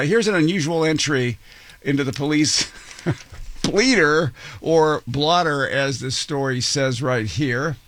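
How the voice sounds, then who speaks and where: Chuckling radio host, slightly high voice. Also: male voice, fairly bright tone, slight background noise. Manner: chuckling, jokey, trips over words and restarts. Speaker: radio morning show host. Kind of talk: casual on-air banter and news reading. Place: radio studio.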